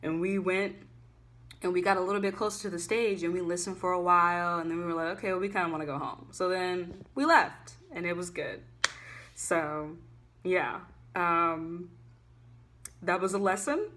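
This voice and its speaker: A young woman telling a casual storytime vlog, chatty and animated, full of "like" fillers, swinging between loud and hushed. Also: fairly low pitch, unhurried. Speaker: student vlogger.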